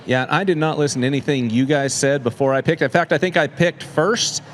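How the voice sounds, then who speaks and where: A man's voice: a little high, fairly quick. A man analyst in a casual panel chat, folksy and wisecracking. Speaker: rodeo analyst.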